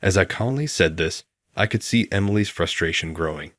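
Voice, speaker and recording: Male narrator, very low voice, calm and even delivery, dry close recording. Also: brisk, dry recording. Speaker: storyteller. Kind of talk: scripted first-person story narration.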